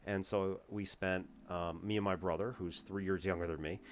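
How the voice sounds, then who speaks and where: Low-voiced guy chatting through a math lesson, laughs a lot, dull lo-fi sound w/ faint hiss. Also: steady tone. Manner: rambling, laughs often, halting restarts. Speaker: math tutor. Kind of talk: casual lesson chat.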